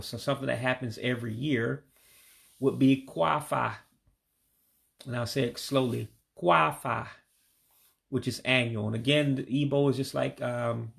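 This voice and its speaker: A man giving a home-made vocabulary lesson, patiently repeating each word slowly for practice. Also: medium pitch, creaky, a bit bright. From United States. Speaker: language learner teaching vocabulary.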